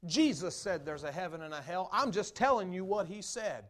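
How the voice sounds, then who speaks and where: A man preaching a sermon, conversational at first and rising to loud, emphatic declarations. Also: high-pitched, normal speed. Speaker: pastor.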